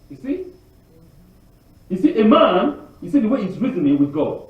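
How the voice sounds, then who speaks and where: A man preaching a sermon on the weekly Torah portion, animated, asking the congregation rhetorical questions and often repeating and restarting words. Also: high voice, normal speed, long pauses. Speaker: congregation teacher. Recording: very echoey, distant, dull lo-fi.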